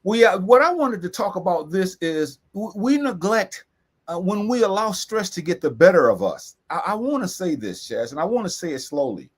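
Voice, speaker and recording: An emphatic man in co-hosts a serious talk, voice pitched high. He drives points home by repeating key phrases slowly. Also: sing-song, breathy edge. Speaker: co-host. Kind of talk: earnest discussion.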